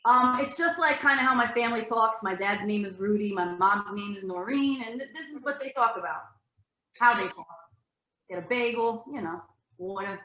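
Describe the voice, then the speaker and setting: Brief: bright, sharp-toned woman, casual jokey banter, roomy club sound. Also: a little high, brisk. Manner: laid-back, joking. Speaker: contestant bachelorette.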